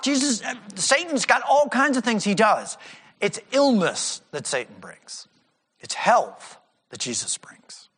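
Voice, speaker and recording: A man preaching a sermon as a pastor, animated and acting out the people he quotes. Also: high voice, long reverb tail.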